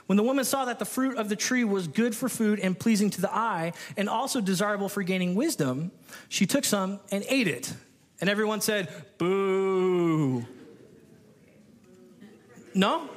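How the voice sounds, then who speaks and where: Male pastor, high voice, animated sermon delivery, playful asides. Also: slight background noise. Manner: animated, playful, acts out the people in the story.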